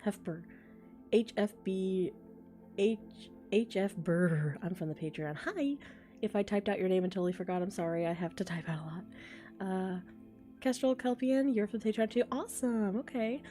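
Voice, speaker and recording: A young woman talks casually on a live stream from home, reading comments and thinking out loud. Her voice is mellow and relaxed, often broken up by small laughs. Faint music plays behind her. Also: medium pitch, moderate pace. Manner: chatty and rambling, laughs often, thinks aloud. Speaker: ASMR voice creator streaming live. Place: home, a train passing outside.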